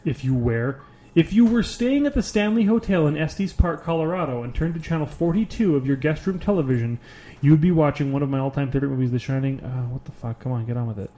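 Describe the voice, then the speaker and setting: A man's voice: fairly high pitch, fast talker, dark tone. A young man co-hosting a podcast, reading a list aloud in a casual way with sarcastic, bored asides. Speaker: podcast co-host.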